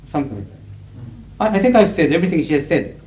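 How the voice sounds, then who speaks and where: A man's voice: a little high, very animated, fast talker, darkish tone. Man, Japanese accent, middle-aged, self-deprecating lecturer, frequent uh fillers, echoey hall. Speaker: conference interpreter giving a lecture. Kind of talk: humorous lecture to an audience. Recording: echoey hall, faint hiss, 1980s tape.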